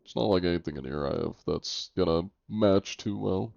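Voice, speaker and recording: Gravelly, deep-voiced male game streamer. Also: normal speed, darkish tone, no echo. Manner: laid-back, joking, reacts to chat. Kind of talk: casual live stream chat. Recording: dull lo-fi stream audio.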